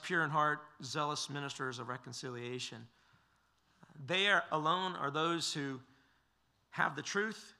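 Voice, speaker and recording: A man preaching an expository sermon, measured and emphatic, with the occasional filler. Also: fairly high pitch, vocal fry, sharp tone. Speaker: pastor.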